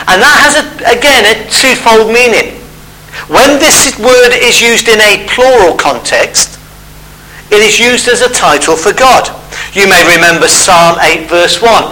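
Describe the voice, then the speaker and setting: Male preacher, high bright voice, chatty explanatory sermon delivery. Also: rough recording. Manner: conversational, explaining step by step.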